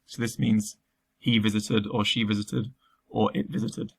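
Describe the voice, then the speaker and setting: Gravelly-voiced male teacher, flat delivery. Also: on the low side, measured pace. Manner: patient, explains step by step with many ums. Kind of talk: recorded remote lesson walkthrough.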